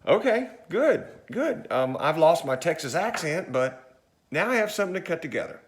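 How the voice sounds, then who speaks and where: A man's voice: a little high, expressive, a little fast. A man giving a casual how-to tutorial on filming skits, chatting and demonstrating as he goes, recorded on a phone about a foot away. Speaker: church video instructor.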